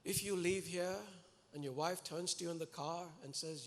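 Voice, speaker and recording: A man preaching a sermon to a congregation, earnest and animated, pleading and exhorting his listeners. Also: fairly high pitch, moderate pace. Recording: echoey hall with long reverb.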